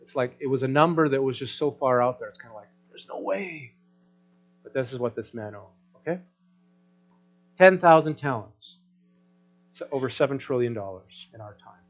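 A man preaching a sermon in a conversational way, checking in with the congregation through rhetorical questions and swinging between loud emphasis and soft asides. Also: mid-range voice, a little fast, rough recording. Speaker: pastor.

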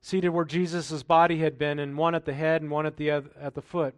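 A man giving a sermon as pastor reads scripture out loud and discusses it in a laid-back, conversational style marked by rhetorical questions. His voice is a little high, his pace fairly quick, and no room sound is heard.

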